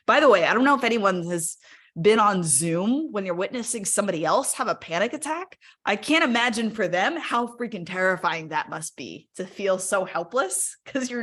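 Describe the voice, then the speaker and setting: Candid woman sharing her story, lowish voice. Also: fairly bright tone. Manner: candid, conversational, often asks the audience "right?". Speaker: speaker sharing a personal story. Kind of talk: live webinar talk. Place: her home workspace. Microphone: video call.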